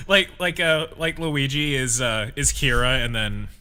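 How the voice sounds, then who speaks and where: Young man, bright voice, lively pitch, giggly, co-host. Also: a little slow, clear, resonant tone. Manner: animated, giggly, joking. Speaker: podcast co-host. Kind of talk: casual podcast chat.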